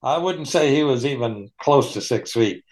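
A man leading an online Bible study, teaching in an unhurried, folksy way and chuckling often. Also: mid-range voice, lively intonation, a little mellow.

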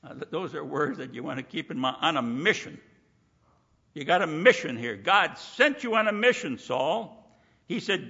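A man's voice: fairly high pitch, big pitch swings, a little slow, vocal fry, bright, forceful tone, breathy edge. A man preaching a sermon in an emphatic way, repeating "you see" and acting out the people he quotes, recorded in a muffled hall with long reverb.

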